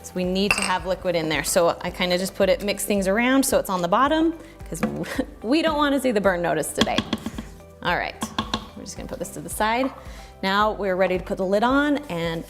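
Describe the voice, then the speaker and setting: A woman hosting a casual home cooking tutorial, chatty and relaxed, thinking aloud as she cooks in her kitchen. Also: medium pitch, brisk, music in the background. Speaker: cooking channel host.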